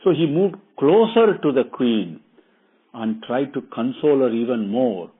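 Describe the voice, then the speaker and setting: A man retells a religious epic in a loose, rambling way, restating phrases and filling pauses with "uh." His voice is husky, and the recording is thin and tinny, like a phone line. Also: medium pitch, lively intonation. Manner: rambling, repeats himself with many fillers. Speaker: storyteller.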